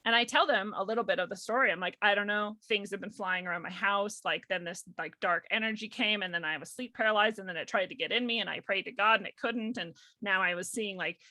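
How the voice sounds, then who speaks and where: Bright-voiced woman telling a story. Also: medium pitch, fast, hardly any pauses, dry recording. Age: young adult. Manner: animated, laughs often, acts out quoted voices. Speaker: guest. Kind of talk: casual storytelling in a conversation.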